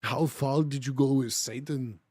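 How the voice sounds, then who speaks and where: A hoarse-voiced streamer voicing a brooding, jealous gothic teenage boy in a fan fiction reading, speaking low and a little distant from the mic. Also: measured pace, darkish tone, no room sound, studio quality, natural voice. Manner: low, breathy delivery.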